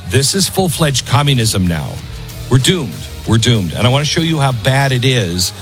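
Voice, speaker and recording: A middle-aged man hosting a talk show in a conversational style, breaking off and restarting his sentences. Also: lowish voice. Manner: conversational, self-interrupting, with fillers. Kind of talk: talk radio monologue and ad read.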